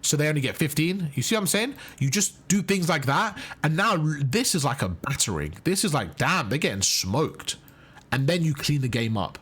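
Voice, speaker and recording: A man's voice: a little high, very animated, normal speed, fairly bright tone, breathy edge. A man coaching viewers through match footage, emphatic and often checking in with "right?" and "okay?". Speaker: competitive gaming coach.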